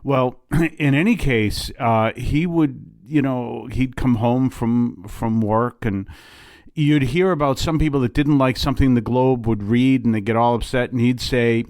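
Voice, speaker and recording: Rambling middle-aged priest host, dry sound. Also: male voice, mid-range voice, measured pace, darkish tone, dry recording. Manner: rambling and digressive, with many fillers and asides. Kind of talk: casual homily-style monologue.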